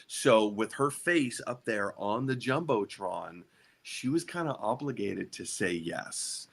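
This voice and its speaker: A man's voice: fairly low pitch, expressive, slow, creaky, very noisy. A man who works as a flight attendant, telling stories in a casual chat. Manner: chatty, many fillers.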